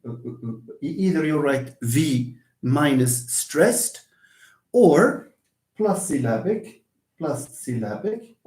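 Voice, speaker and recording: A man's voice: medium pitch, a little mellow, reverberant. A man lecturing a class, thinking aloud with frequent restarts and hesitations. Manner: slow, halting, thinks aloud with many restarts. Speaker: linguistics lecturer.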